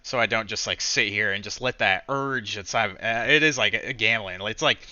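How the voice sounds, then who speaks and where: Man, solo trading recap: rambling, swearing and self-critical, with a very bright, clear voice. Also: lowish voice, moderate pace, no room sound, highs cut off. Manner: frustrated, swearing, rambling with many restarts. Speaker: day trader recapping his session. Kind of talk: casual solo recap rant.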